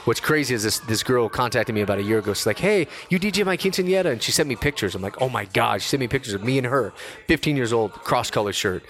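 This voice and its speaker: Animated man telling a story on a podcast. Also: mid-range voice, fast. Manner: animated, slangy, acts out quoted voices. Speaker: radio host.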